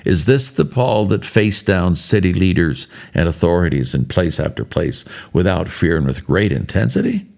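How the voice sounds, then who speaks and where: A man in later life giving a spoken devotional, telling stories in a measured, earnest way. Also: deep voice, sing-song, vocal fry, darkish tone. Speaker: devotional speaker.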